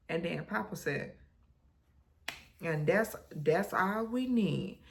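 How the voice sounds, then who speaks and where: A woman, recapping a TV episode in casual, animated storytelling, acting out the characters' lines. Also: lowish voice. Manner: animated storytelling, acts out quotes. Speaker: recap vlogger.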